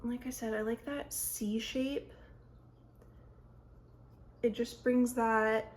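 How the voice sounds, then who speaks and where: A woman's voice: a little high, steady tone, slow, darkish tone. A young woman chatting through a makeup tutorial at home, rambling and cutting herself off, recorded on a phone. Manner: chatty, rambling, self-interrupting. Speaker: beauty vlogger. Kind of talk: casual makeup tutorial chat. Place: home, by a mirror. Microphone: phone camera.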